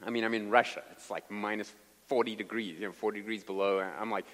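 A man preaching a sermon, telling stories with an animated delivery and sudden bursts of volume. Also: on the low side, quick pace, long reverb tail. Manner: animated storyteller with dramatic volume swings. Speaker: pastor.

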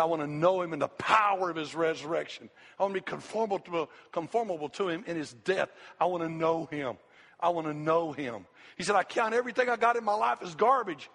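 A man's voice: on the high side, fairly bright tone. A middle-aged man, preaching a sermon with an impassioned, repetitive cadence as a pastor. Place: church sanctuary. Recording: long hall reverb, faint music.

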